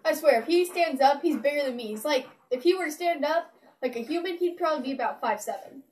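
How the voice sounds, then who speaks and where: A woman's voice: high-pitched, expressive, quick pace, darkish tone, recorded from a distance, slight background noise. A young woman vlogging, cooing at her pet dogs in gushing baby talk with frequent laughs. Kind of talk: casual vlog, talking to pet dogs. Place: indoors in a house.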